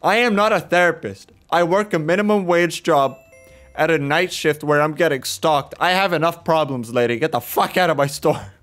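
A man's voice: on the high side, normal speed, fairly bright tone, faint music behind. A young man of about twenty, swearing and ranting in exasperation as he plays and comments on a horror game. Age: around 20. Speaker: gaming video creator.

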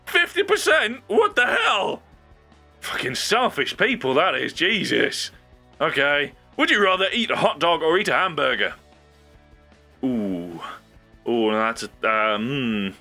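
Soft music plays behind this young man as he hosts his video, chatting casually on his own. He rambles animatedly and laughs frequently, speaking a little slowly in a creaky, medium-pitched voice.

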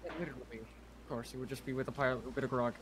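A man with a middle-pitched voice jokes playfully with friends during an online game. His voice chat line carries a clear hiss of background noise. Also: fairly even intonation, racing. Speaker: player. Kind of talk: casual gaming chat.

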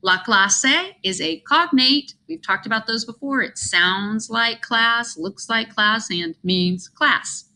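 A woman's voice: on the high side, slow pace, few pauses, sharp tone. A woman who is a Spanish teacher, giving a recorded online vocabulary lesson in an upbeat, chatty way with self-deprecating asides, moving between English and Spanish words.

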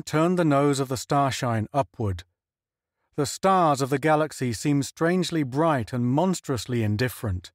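A man narrating a science fiction audiobook in measured scripted storytelling. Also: mid-range voice, expressive, dry recording, clean studio sound.

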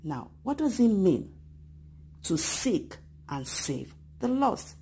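A woman teaching a children's church lesson, retelling a Bible story and acting out the voices of excited children and grumbling crowds. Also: mid-range voice, takes it slowly, slightly rough. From Nigeria. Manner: animated, acts out voices of children and Bible figures.

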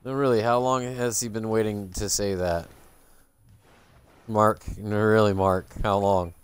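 A man's voice: fairly low pitch, fairly even intonation, unhurried, smooth. A man streaming a game, muttering sarcastic, swearing asides as he plays. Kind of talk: casual gameplay commentary.

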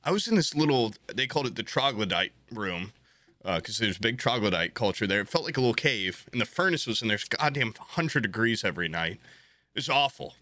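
A young man hosting a podcast in casual chat, telling an animated story while laughing often and swearing freely. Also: fairly low pitch, brisk, no room sound. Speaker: podcast host.

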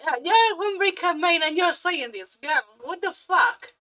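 A woman with a bright, sharp, high-pitched voice, reacting to a video with loud excitement. She swears freely and breaks into laughter, and her English phrasing sounds a little non-native. Her delivery is casual and animated. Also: moderate pace.

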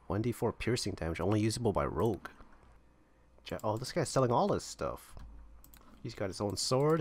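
A man giving casual gameplay commentary, thinking aloud and rambling as he explores an online game. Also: on the low side. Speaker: gamer playing online roleplaying servers.

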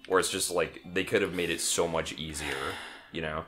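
A man's voice: low voice, normal speed. A man co-hosting a video game playthrough, chatting casually and teasing his partner with easy laughs. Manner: relaxed, teasing, laughs often. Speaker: let's play co-host. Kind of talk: casual gameplay chat.

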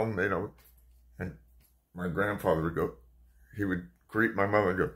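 A man in his fifties from the United States, telling a family story in a conversational, animated way with restarts. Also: sits low, normal speed, pauses often. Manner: conversational, animated, self-correcting. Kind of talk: personal storytelling.

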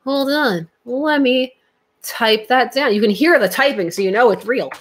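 A woman's voice: fairly high pitch, moderate pace, husky. A woman hosting a live comics stream, chatting casually with viewers, giggling often and thinking aloud while she looks things up at her computer. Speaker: comics channel host answering live chat.

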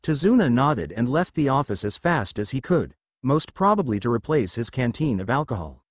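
Animated male fanfiction narrator. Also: mid-range voice, normal speed, dry recording, clean studio sound. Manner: steady storytelling read from text.

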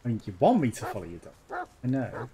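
A man's voice: medium pitch, huge pitch swings, fairly quick, noisy background. A man casually commenting on a game he plays, chatty and jokey and often laughing. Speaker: let's play host.

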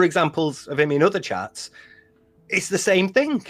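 A man commenting casually on a podcast in an animated way, often laughing. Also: fairly high pitch, moderate pace.

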